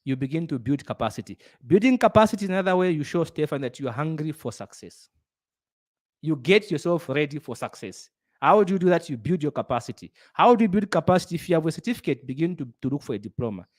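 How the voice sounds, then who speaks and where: Earnest preachy man, somewhat high voice. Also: very animated, fast talker, a little mellow. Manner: earnest, preachy, repeats phrases for emphasis. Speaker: business speaker. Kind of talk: motivational talk.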